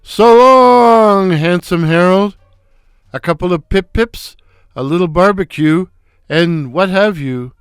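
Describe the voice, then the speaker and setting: A man voicing a brash, wisecracking middle-aged comedian with a loud foghorn voice, firing off punchy gags in a comic story reading. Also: high voice, takes it slowly, smooth, dry recording, studio quality.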